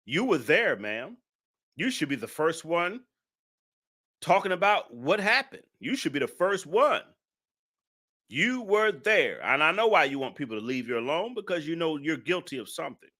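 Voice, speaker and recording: A man talks through a live-stream commentary in a bright, forceful voice. He is emphatic, hammers his points again and again, and fires off indignant rhetorical questions. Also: a little high, big pitch swings, normal speed.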